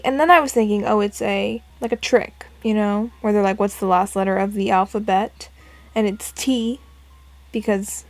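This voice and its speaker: A woman's voice: fairly high pitch, gravelly, darkish tone, no echo. A woman casually commenting and reading aloud while playing a puzzle game, chatty and self-deprecating. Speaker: gameplay narrator. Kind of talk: casual let's play commentary.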